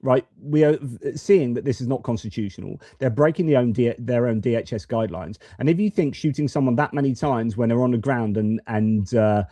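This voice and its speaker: A man's voice: mid-range voice, a little fast, hardly any pauses, warm tone, dry recording. A man commenting on news clips in a casual, hesitant way, with many fillers and restarts. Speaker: political commentator.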